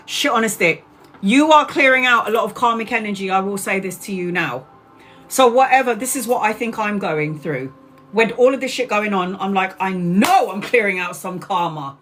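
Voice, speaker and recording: A woman giving a live tarot reading in a loose, chatty way, blunt and quick to swear and laugh. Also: fairly high pitch, fairly bright tone. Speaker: tarot reader. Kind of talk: live-streamed tarot reading, casual chat.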